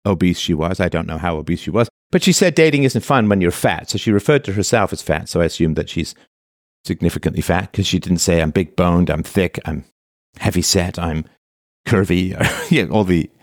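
Sarcastic low-voiced man, dry close sound. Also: expressive, fairly quick, no room sound. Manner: sarcastic, mocking quoted voices. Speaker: commentator. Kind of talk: monologue commentary.

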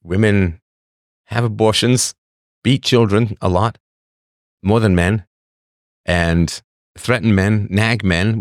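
A man's voice: slow, pauses often, dry recording, studio quality. A man hosting a live stream, talking through chat messages in an opinionated way and repeating his points as rhetorical questions. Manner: animated delivery with lively pitch swings. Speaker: livestream host.

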